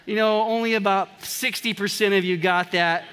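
Bright-voiced, high male pastor preaching. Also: normal speed, in a large hall, a little hiss or hum. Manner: animated preaching with joking asides to the congregation. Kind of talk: sermon. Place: church sanctuary.

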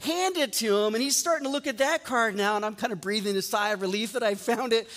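A man's voice: high voice, fast talker, fairly bright tone. A man preaching a sermon as a pastor, telling a story in a conversational way and acting out the dialogue. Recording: long reverb from a large hall.

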